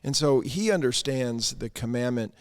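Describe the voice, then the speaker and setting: A man's voice: mid-range voice, animated, moderate pace, clean tone, dry recording, clean studio sound. A man co-hosting a church podcast, talking through scripture in a thoughtful, explanatory way with many restarts. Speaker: priest and podcast co-host. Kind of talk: conversational scripture discussion.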